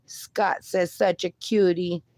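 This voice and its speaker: A young woman chats slowly and easily on a casual livestream, reading out viewer comments and cheering people on with a laugh and a bit of swearing. Her voice sits at an ordinary middle pitch and sounds dry and close, with no room around it. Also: little pitch movement, darkish tone, no echo. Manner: upbeat, encouraging, laughs often, mild swearing. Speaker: livestream host.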